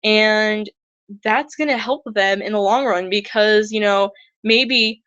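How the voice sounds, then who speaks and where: Speaking slowly in a fairly bright voice, a young woman chats earnestly about reptile conservation for her vlog, with many restarts. She does impressions of others in high, squeaky voices. The sound is lo-fi, without room ambience.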